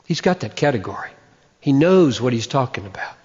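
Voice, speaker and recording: A man's voice: mid-range voice, very animated, a little mellow, slightly rough. Male preacher, emphatic sermon delivery, swooping intonation, slightly dull recording. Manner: emphatic, with slow dramatic pauses. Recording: muffled, long hall reverb.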